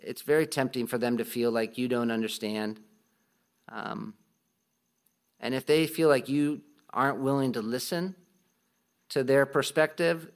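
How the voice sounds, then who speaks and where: A man of ordinary pitch teaches from the Bible in a relaxed, conversational way. He often stops and restarts his sentences, with plenty of ums, and sometimes slows down to stress a point. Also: creaky. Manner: halting, many restarts and ums, light laughs. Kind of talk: casual teaching talk.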